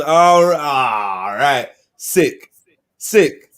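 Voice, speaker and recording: A man's voice: fairly high pitch, animated, moderate pace. Laid-back man hosting a stream. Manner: laid-back banter with slang, shout-outs to viewers. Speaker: livestream host. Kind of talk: casual live stream chat.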